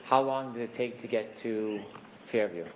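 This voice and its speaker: A man acting as prosecutor in a courtroom, asking measured, methodical questions. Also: medium pitch, a little mellow, a little hiss or hum, poor audio.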